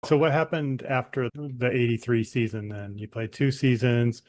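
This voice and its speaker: A man co-hosting a podcast, asking measured interview questions. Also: medium pitch, fairly even intonation, darkish tone. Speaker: podcast co-host.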